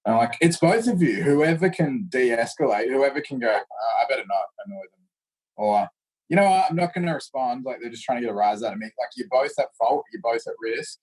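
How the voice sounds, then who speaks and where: A man's voice: mid-range voice, fairly quick, breathy edge, low-quality recording. A man, a martial arts instructor, telling stories in a casual interview and acting out the voices of the people he quotes. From Australia. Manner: animated storyteller who acts out quoted voices.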